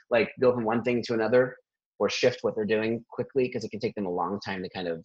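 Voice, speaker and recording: A man working as a therapist, talking in a lively conversational interview and laughing often between thoughts. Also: on the low side, a little fast, slightly rough, muffled recording.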